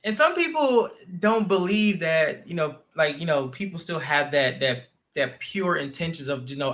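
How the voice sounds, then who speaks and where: A man hosting a podcast, telling stories in an animated, casual way with plenty of fillers. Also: fairly high pitch, normal speed, few pauses. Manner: animated storyteller, lots of fillers. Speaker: podcast host, jiu-jitsu instructor. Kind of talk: casual conversation.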